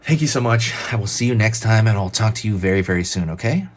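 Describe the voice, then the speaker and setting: Man, lowish voice, relaxed chatty drawing-tutorial host who talks through every line he draws. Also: fast. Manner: relaxed, chatty, narrates each pen stroke. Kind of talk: casual step-by-step drawing instruction.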